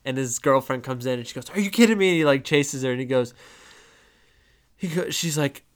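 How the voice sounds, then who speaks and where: A man with a smooth, resonant voice chats about a comedy film on a podcast. He laughs easily and slips into quoted lines with obvious delight. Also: medium pitch, steady tone, normal speed. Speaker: podcast co-host. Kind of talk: casual movie chat.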